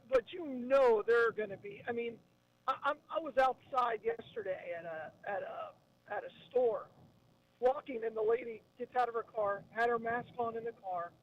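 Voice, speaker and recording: A man calling into a radio show as a regular guest, chatty and wry. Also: extremely high pitch. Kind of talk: casual radio chat. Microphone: phone line. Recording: dull phone line audio.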